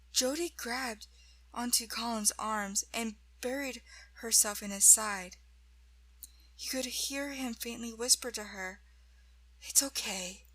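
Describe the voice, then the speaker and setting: Female narrator for a first-person horror reading; slow, measured, bright tone. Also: fairly high pitch, rough recording.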